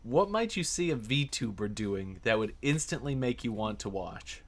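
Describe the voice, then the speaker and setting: A man hosting an interview, asking questions in short, measured turns. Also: mid-range voice, lively intonation. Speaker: interview host.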